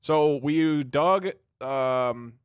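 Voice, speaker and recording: A man's voice: a little high, drawn-out words, clear, resonant tone, dry recording. A young man hosting his channel, thinking aloud and rambling as he tinkers on screen. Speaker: YouTube streamer host. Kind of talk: casual commentary while working on screen.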